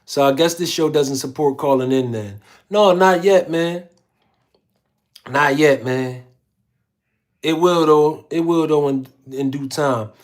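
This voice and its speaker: A man's voice: fairly high pitch, takes it slowly. A man hosting a casual livestream, reading viewer comments aloud in a slangy, laid-back way. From Philadelphia. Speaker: livestream host.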